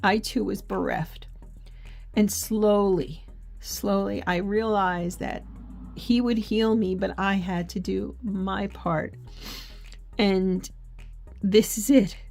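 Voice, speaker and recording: A woman's voice: medium pitch, steady tone, takes it slowly, vocal fry, pauses often, darkish tone, faint music behind. A middle-aged woman talking earnestly and encouragingly in a devotional vlog, sometimes reading scripture aloud. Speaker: faith journaling vlogger. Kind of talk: heartfelt devotional chat.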